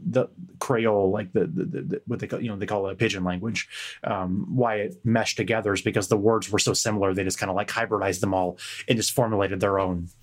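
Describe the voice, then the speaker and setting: A man's voice: on the low side, fairly even intonation, quick pace. An American man with a Western American accent chatting casually as a podcast co-host, rambling with lots of fillers and swearing. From United States. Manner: rambling, full of fillers and profanity. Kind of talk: casual chat.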